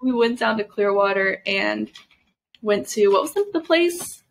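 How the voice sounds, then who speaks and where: A young woman co-hosts a casual podcast. She tells stories in a chatty way, laughing often and swearing freely, at an even middle pitch. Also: unhurried, creaky, rough recording. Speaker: podcast co-host. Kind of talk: casual chat.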